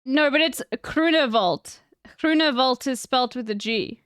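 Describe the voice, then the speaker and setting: A woman chatting bluntly on stream, her voice smooth and clear and a little higher than most. The sound is dry and close, with no room to it. She talks with plenty of fillers and swears as she goes. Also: moderate pace, fairly bright tone, no echo. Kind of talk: casual chat reacting to a video.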